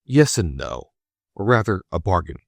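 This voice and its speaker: A furtive old notary with a thick foreign accent and a smooth, guarded way of talking, voiced by a male audiobook reader. The voice sits low and the recording is dry and close. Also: sing-song, moderate pace, dry recording, heavily acted. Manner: evasive, foreign-accented speech. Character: shifty older male Egyptian notary.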